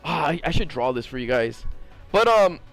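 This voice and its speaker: Rambling gamer guy telling a story, high lively voice, swears constantly, faint music under it. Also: moderate pace, vocal fry. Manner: rambling, profane, lots of fillers. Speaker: gaming streamer. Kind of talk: casual storytelling to viewers.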